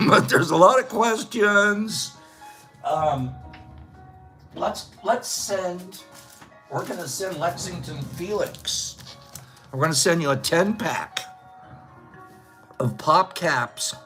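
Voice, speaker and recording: A man's voice: sits high, animated, takes it slowly, long pauses, sharp tone, faint music behind. A man hosting a casual livestream trivia contest, chatting with viewers, joking and laughing at his own jokes.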